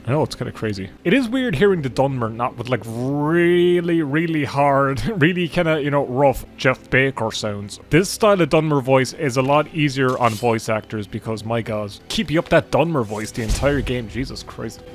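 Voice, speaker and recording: A man's voice: medium pitch, animated, moderate pace, few pauses. A young man giving casual, jokey gameplay commentary and swearing freely. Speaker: gaming YouTuber. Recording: faint game music behind.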